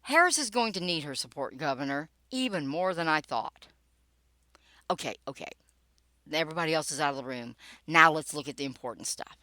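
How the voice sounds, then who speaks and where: An older woman with a fairly low voice reads her own political blog post, dropping wry, sarcastic asides along the way. Her pitch swings widely from line to line, and the recording is close and dry, with no room sound. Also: expressive, brisk, bright, forceful tone, dry recording. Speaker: political blogger and podcaster.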